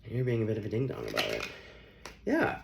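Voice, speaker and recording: A man's voice: lowish voice, huge pitch swings, rapid-fire, vocal fry, noisy background. A young man giving a casual, playful tarot reading, often laughing as he talks. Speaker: tarot reader.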